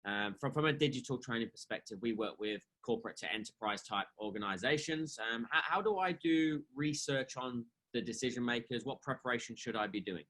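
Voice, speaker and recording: A British man hosting an interview in an eager, chatty way, often restarting his sentences. His voice is bright and forceful at a medium pitch. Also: brisk, few pauses. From Britain. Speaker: podcast host, sales coach. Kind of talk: casual conversational interview.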